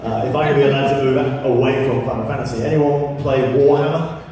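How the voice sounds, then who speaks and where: A man's voice: medium pitch, fairly even intonation, brisk, dark tone. A man speaking as a voice actor on a convention panel, chatty and self-deprecating as he tells anecdotes. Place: large convention hall. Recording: echoey hall, distant mic.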